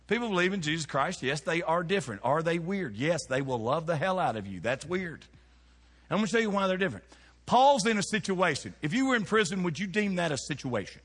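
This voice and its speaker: Man, pastor, folksy sermon, rhetorical questions, fairly high voice, long church-hall reverb. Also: slightly rough. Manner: folksy, animated preaching with rhetorical questions to the congregation. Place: church sanctuary.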